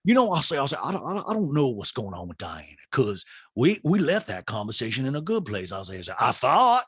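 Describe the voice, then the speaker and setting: A man's voice: medium pitch, huge pitch swings, fairly bright tone, breathy edge, full character voice. A man doing a comic impression of a hesitant socialite woman, dropping his voice and drawling with repeated phrases. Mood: earnest. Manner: slow drawl, repeating herself.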